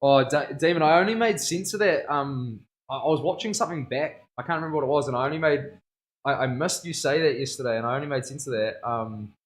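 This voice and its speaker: A medium-pitched, quick-paced voice comes from a young tattoo artist streaming casual chat while he works in the studio. He laughs often and uses plenty of slang.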